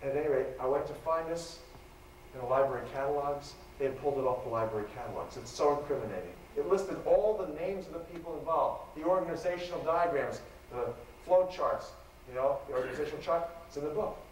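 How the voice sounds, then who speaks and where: A man giving a live lecture, telling a story in an animated, dramatic way. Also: a little high, quick pace. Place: lecture hall. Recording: echoey hall, distant mic, faint noise.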